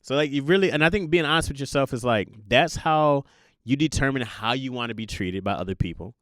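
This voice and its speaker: A young man hosting a podcast, talking through a casual confessional monologue in an animated, jokey way and laughing at himself. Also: medium pitch, brisk, dry recording, studio quality. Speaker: podcast host.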